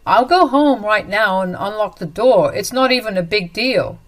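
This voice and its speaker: A woman's voice: lowish voice, sing-song, normal speed. A woman voicing a lying, cornered husband. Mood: defensive. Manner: defensive, stammering, dismissive.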